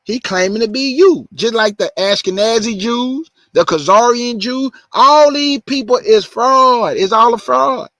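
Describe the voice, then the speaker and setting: A man hosting his show, preaching, repeating his points slowly for stress. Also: very high voice, bright, forceful tone, no room sound. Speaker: show host. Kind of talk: preaching monologue.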